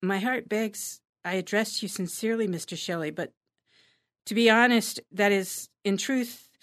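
A woman's voice: mid-range voice, moderate pace, a bit bright, dry recording, studio quality, pitched above the performer's own voice, lightly acted. A woman reading aloud as an earnest teenage girl in love, breathless and emotional.

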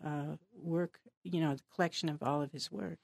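Low-voiced woman author, hesitant. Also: fairly even intonation, moderate pace, vocal fry, a little mellow, dry recording. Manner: thoughtful, hesitant, many fillers. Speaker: author and guest. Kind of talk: interview answers.

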